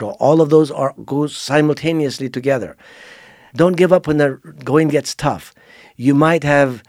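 A man's voice: medium pitch, a little mellow, dry recording. Plain-spoken missionary man, dry sound. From Thailand. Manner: plain-spoken, restarts phrases, acts out quoted dialogue. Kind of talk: storytelling interview.

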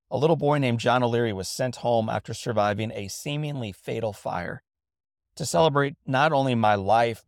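A middle-aged man tells a personal story in an earnest, measured way, slowing down to read passages with reverence. His voice has a gravelly, creaky edge at a middle pitch. The studio microphone sits close, and the sound is dry with no room echo. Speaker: host and motivational speaker. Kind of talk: reflective spoken essay.

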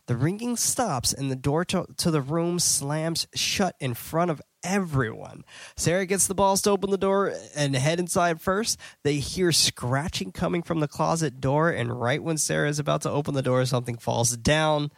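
A man hosting a podcast, recapping a film scene by scene in a loose, chatty way with plenty of fillers and quick self-corrections. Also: a little high, dry recording. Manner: blunt and excitable. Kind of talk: casual scene-by-scene movie recap.

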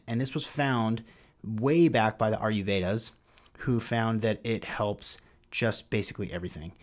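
A male podcast host introduces his episode and reads a sponsor spot. His voice sits a little low, and he talks with bubbly enthusiasm, often restarting his sentences as he goes.

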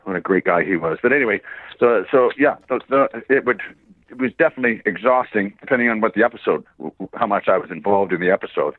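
An older man, a voice actor, talking in a rambling and laughing way in a casual interview, swearing freely and tiring his voice quickly. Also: on the low side, lively intonation, no room sound. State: gets hoarse quickly. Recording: tinny phone-line sound, dry.

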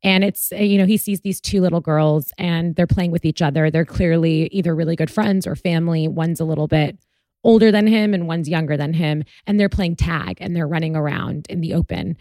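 Woman podcast host, lowish pitch, earnest storyteller, dry close recording. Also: a little fast, warm tone, no room sound. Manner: earnest, storytelling with many fillers. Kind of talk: conversational interview.

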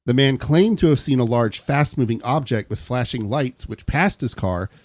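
A man reads a story aloud on a comedy podcast, his pitch swinging up and down as he goes. His voice is close and dry, with no room around it. He drops out of the reading now and then to trade jokes. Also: lively intonation, moderate pace, a little mellow, dry recording. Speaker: podcast host.

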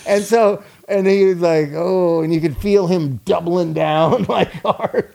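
A man's voice: high-pitched, unhurried, vocal fry, warm tone. A man in casual chat, telling a story animatedly and acting out the people in it.

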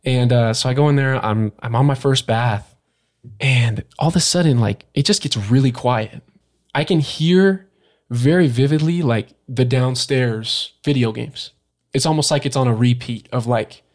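A young man appearing as a podcast guest tells a story from his past during a casual interview. His voice is medium-pitched, and he talks haltingly, with many fillers and restarts.

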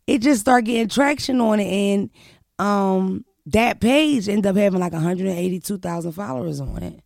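A woman's voice: mid-range voice, creaky, darkish tone, no room sound, clean studio sound. A woman hosting a podcast, telling a story in a brash, profane, emphatic way and sprinkling in curse words. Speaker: podcast host. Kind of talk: casual storytelling chat.

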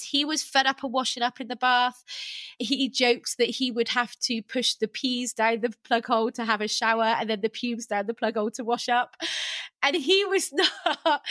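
A woman, a podcast guest and life coach telling her own story candidly over a video call, animated and self-deprecating. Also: fairly high pitch, no echo. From England.

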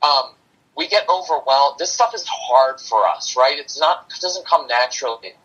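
A man's voice: mid-range voice, animated, normal speed, a bit bright, breathy edge, muffled recording. A man talking as a parenting coach and podcast guest, practical and plain-spoken, with a dry sarcastic streak and a habit of explaining through analogies. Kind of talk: casual podcast conversation.

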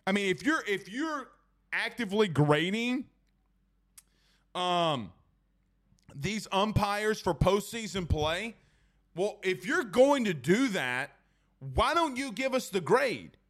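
A young man hosts a loose sports talk stream, and his voice sits high for a man. He rambles and rants with plenty of fillers, restarts and asides to the chat. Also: very animated, slow pace, pauses often, a bit bright. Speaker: sports talk show host.

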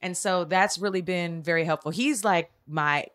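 A woman's voice: on the low side, moderate pace, a bit bright. A woman in her thirties, a co-host and mother, speaking in an earnest, reflective way in casual chat.

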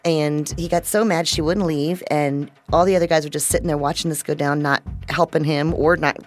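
A woman with a low voice narrates a radio news story. She speaks in a conversational, measured way, as if talking to a listener. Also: fairly even intonation, soft background music. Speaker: reporter narrating.

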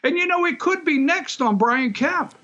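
A man's voice: very high voice, animated, normal speed, pushed and bright, highs cut off. A man from Georgia, a party official, speaking as a guest on a political talk show, fervent and often restarting his words.

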